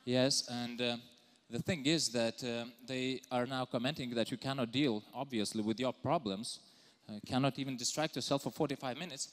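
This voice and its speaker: A man's voice: medium pitch, steady tone, moderate pace. A man with an Eastern European accent giving a live conference talk, teasing and calling out members of the audience. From Lithuania. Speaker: conference speaker. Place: large conference hall. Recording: long hall reverb.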